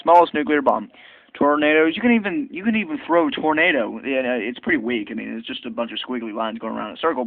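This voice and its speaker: A man reviewing an old video game in a chatty, excitable, rambling way. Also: mid-range voice, no room sound. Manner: chatty and excitable, lots of fillers and restarts. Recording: tinny phone-like dry recording.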